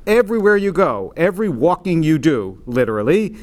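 Higher-voiced man teaching a Bible class. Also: sing-song, moderate pace. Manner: conversational, checks in with "right?", frequent "um". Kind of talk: informal class lecture. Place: classroom with a group present.

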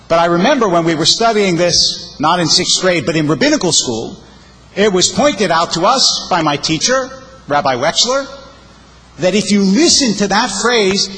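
A man's voice: sits high, big pitch swings, measured pace, fairly bright tone. A male rabbi giving a sermon, explaining verses emphatically and reciting poetry with expression. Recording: long hall reverb.

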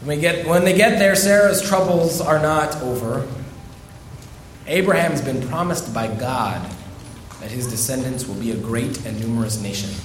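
A man, a rabbi, giving a storytelling sermon, delivered with dramatic pauses. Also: fairly high pitch, echoey room, slight background noise.

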